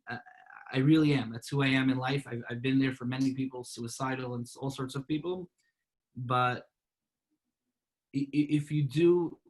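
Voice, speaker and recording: A man being interviewed about his life, talking earnestly and warmly, often repeating and restarting words. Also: mid-range voice, rough recording. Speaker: guest, part-time professional clown. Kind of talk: earnest conversational storytelling.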